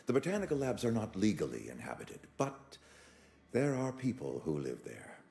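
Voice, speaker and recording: A pompous, florid colony administrator. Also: male voice, on the low side, wildly swooping pitch, moderate pace, creaky, dark tone, exaggerated voice. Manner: florid, overly formal and pompous. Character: pompous, fussy male colony administrator, middle-aged. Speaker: outpost administrator. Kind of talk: video game dialogue.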